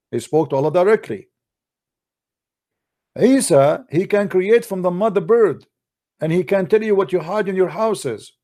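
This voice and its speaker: A man's voice: on the high side, a little mellow. A man with an Arabic accent hosting a combative commentary, talking in broken English and scolding his critics. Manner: combative, scolding, non-native grammar. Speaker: host. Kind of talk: polemical commentary.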